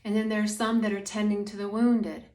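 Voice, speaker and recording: A woman's voice: mid-range voice, flat delivery, fairly quick, darkish tone, reverberant. A woman acting as a spiritual guide, talking casually and rambling with many "like" fillers. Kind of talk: spiritual monologue.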